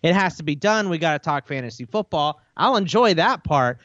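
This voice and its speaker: A man's voice: expressive, brisk, a bit bright, no echo, highs cut off. A man co-hosting a casual sports podcast, sounding grumpy, drained and aggravated. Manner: grumpy, low-energy, aggravated. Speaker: podcast co-host.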